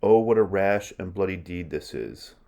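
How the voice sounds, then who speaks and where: A man's voice: sits low, moderate pace, gravelly, mellow. A man reading aloud the lines of a worried middle-aged queen, with little change from his own voice. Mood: alarmed. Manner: reads verse aloud, plainly.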